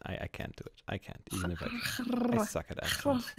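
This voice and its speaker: A young man chatting and teasing friends during an online game, jumping to squeaky shouts when excited. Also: a little fast, creaky, husky, dry recording. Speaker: gamer. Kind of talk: casual multiplayer game chat.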